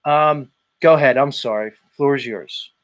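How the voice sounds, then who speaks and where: A man's voice: mid-range voice, normal speed, fairly bright tone. A man hosting a casual podcast chat, swearing freely and goading a viewer in a ranting, profane way. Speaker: podcast host.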